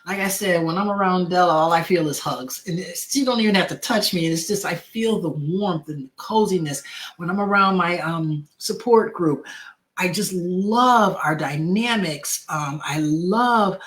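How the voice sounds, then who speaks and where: A woman's voice: lowish voice, normal speed. Emotional grieving woman sharing her story. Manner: heartfelt, repeats words, many fillers. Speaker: podcast host. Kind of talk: personal talk on grief.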